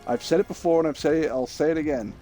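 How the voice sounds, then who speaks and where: A man's voice: a little high, rapid-fire, mellow, faint music behind. A man streaming live, telling crude, jokey stories in a rambling, casual way.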